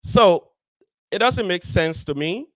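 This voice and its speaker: Speaking directly to listeners of his community show, a married adult radio host uses firm emphasis and repeats key phrases. He has a high voice with lively intonation and a slow pace, recorded dry.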